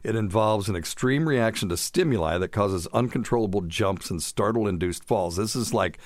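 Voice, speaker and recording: A man's voice: lowish voice, lively intonation, moderate pace, no echo. A middle-aged man co-hosting a casual medical podcast, chatty and jokey as he reads from his notes. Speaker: podcast co-host, doctor.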